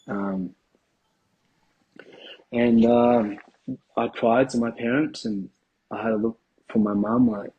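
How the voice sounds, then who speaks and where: A man, a podcast guest telling a candid personal story in a casual, halting way with restarts and swearing. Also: mid-range voice, level tone, slightly rough, narrow, tinny audio. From Australia.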